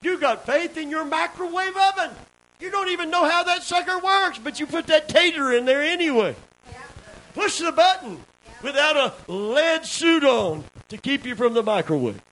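A man preaching a sermon, dropping low for asides and rising to loud shouts while calling for amens. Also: lively intonation, normal speed, rough recording. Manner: calls for amens from the congregation. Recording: faint hiss.

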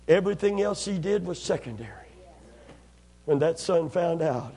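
High-voiced impassioned male preacher. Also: lively intonation, moderate pace, pauses often, warm tone. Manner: impassioned, call-and-response preaching. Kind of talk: sermon.

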